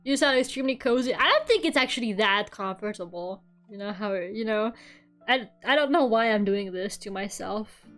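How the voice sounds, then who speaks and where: A woman's voice: mid-range voice, lively intonation, normal speed, fairly bright tone, soft background music. A woman streaming while she draws, chatting in a rambling way, swearing freely and laughing often. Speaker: streamer drawing live. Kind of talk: casual chat while drawing.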